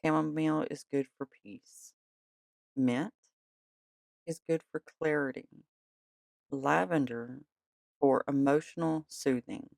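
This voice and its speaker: A podcast host in a gentle, chatty way of talking, tired and yawning late at night. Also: medium pitch, fairly even intonation, takes it slowly, creaky, pauses often, dry recording. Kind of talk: casual podcast talk.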